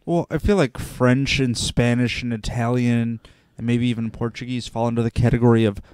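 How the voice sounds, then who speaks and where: A man's voice: mid-range voice, steady tone, normal speed, a little mellow, clean tone. A young man hosting a casual podcast, steering the conversation with questions. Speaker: podcast host.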